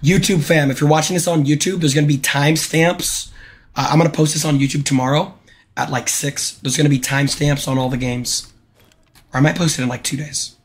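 A man streaming gameplay live, excitable and hyping himself up, repeating his phrases over and over. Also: fairly high pitch, brisk. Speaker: game streamer.

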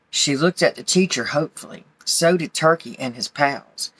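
A woman gently reading a children's picture book aloud to young listeners. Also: low-pitched, animated, normal speed, few pauses, slightly rough, no room sound. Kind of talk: storybook read-aloud.

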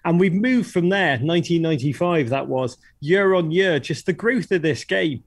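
A man's voice: on the high side, expressive, normal speed, no room sound. A middle-aged man from England with a Liverpool accent, a guest in a casual radio interview who talks in a hyperbolic, exuberant way. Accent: Liverpool English. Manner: exuberant, self-described hyperbolic talker.

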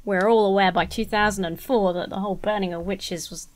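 A woman's voice: mid-range voice, steady tone. A woman giving sarcastic, swear-filled commentary while playing a video game. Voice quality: sarcastic, swears, quick to laugh. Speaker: let's play commentator. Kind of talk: gameplay commentary.

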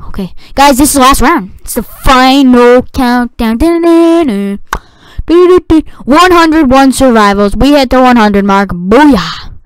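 A woman giving excitable gameplay commentary, talking to the game and shouting at it. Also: high voice, dry recording. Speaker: gaming video creator.

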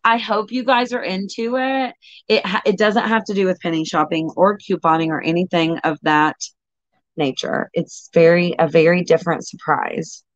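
A woman's voice: fairly low pitch, normal speed, no echo. A woman hosting a casual livestream chat, talking with viewers and easily sidetracked. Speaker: livestream host. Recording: dull lo-fi audio.

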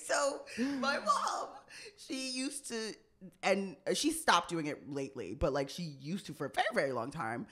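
A young woman co-hosts a podcast in loose, teasing banter. Her pitch swings all over, and she breaks into loud laughs often. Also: big pitch swings, moderate pace. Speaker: podcast co-host. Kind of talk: casual chat.

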